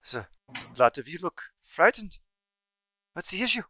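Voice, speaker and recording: A man puts on a giant, imperious widowed Empress in a tabletop game, her lines rising and falling with lively swoops. She coaxes and threatens by turns, grand and pointed. The sound is dry and dull, like a lo-fi home mic. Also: sits high, no room sound, voice pushed up, exaggerated voice. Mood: probing. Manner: grand, coaxing and menacing, slow pointed questions. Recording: dull lo-fi recording.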